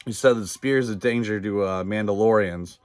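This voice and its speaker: Low-voiced male reviewer, loose and profane, lots of fillers, dry close mic. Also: brisk, a little mellow, no room sound. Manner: rambling, profane, filler-heavy, laughs often. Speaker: video reviewer. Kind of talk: casual episode recap.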